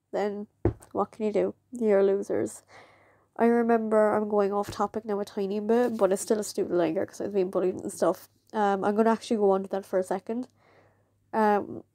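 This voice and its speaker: A woman's voice: mid-range voice, mellow. A woman, telling a personal story in a candid, chatty way and laughing often. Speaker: vlogger.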